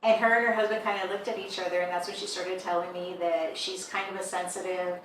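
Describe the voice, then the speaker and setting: A woman's voice: lowish voice, fast. Woman storytelling from across an echoey room. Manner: animated storyteller who acts out quoted dialogue. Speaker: shop owner and tattoo artist. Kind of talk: recounting eerie events in casual conversation. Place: indoors in a shop. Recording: echoey room, mic some distance off, faint background hum.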